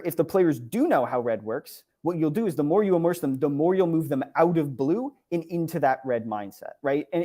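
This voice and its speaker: Casual young man presenting, mellow voice. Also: fairly high pitch. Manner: casual, filler-heavy, many "right?" and "like". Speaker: conference presenter. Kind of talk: presentation over slides. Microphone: online talk, computer mic.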